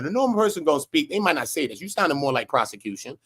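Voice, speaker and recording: A man with a somewhat high voice speaks casually and streetwise on a livestream panel. His talk is loose and slangy, full of asides to the listener. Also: big pitch swings, fast talker, fairly bright tone, slightly rough.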